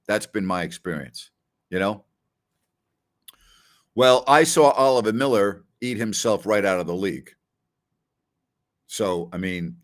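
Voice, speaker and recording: A middle-aged man hosting a casual live question-and-answer show, talking loosely with many "you know" and "I mean" asides. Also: lowish voice. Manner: conversational storyteller, frequent "you know" and "I mean". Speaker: podcast host.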